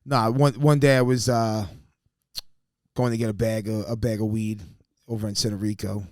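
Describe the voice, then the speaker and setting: A podcast co-host tells a story on a casual podcast in an animated way, swearing a lot and acting out quotes. His voice is on the low side at a moderate pace, with clean studio sound and no echo.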